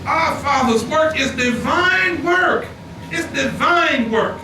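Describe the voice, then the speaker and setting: A man's voice: very high voice, lively intonation, takes it slowly. A man preaching a fervent, repetitive sermon in a temple hall, driving his points home with rising emphasis. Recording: echoey hall, distant mic, noisy.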